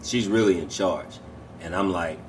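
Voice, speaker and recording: A man co-hosting a podcast, telling family stories in an animated way. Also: low-pitched, normal speed. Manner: animated storyteller. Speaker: podcast co-host. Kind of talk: casual storytelling. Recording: faint background noise.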